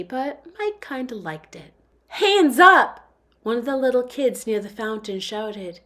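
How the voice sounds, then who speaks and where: Woman reading a novel aloud, steady. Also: mid-range voice. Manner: steady storytelling narration. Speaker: book reader.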